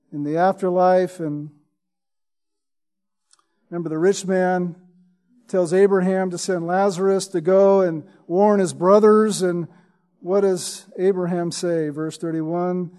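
A man's voice: on the high side, mellow. A man preaching a sermon in an emphatic way, reading scripture and often asking "right?". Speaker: pastor.

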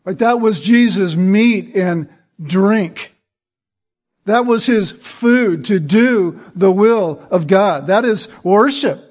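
High-voiced male preacher. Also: expressive, slow, darkish tone. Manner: earnest preaching with emphatic repetition. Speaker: pastor. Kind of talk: sermon.

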